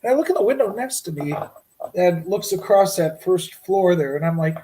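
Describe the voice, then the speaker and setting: A middle-aged man telling a paranormal story as a podcast guest, lively and animated, acting out his own shouts. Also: high-pitched, normal speed, slight background noise, low-quality recording.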